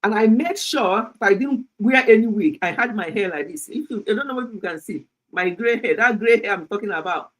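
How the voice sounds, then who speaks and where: A Nigerian woman in her sixties with a Nigerian English accent, hosting a health livestream and telling a story in an animated, chatty way, laughing often and slipping into pidgin. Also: medium pitch, brisk, hardly any pauses, rough recording. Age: 60s. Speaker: health channel host. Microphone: streaming setup.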